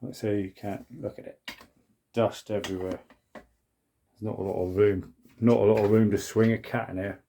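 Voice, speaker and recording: A man's voice: on the low side, level tone, normal speed, creaky, pauses often, mellow, slight background noise. A British man in his sixties chatting casually to camera in a small shed while he works, rambling and talking to himself. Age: 60s. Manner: chatty, rambling, self-talk while working. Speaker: woodworking vlogger. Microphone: camera on a mount.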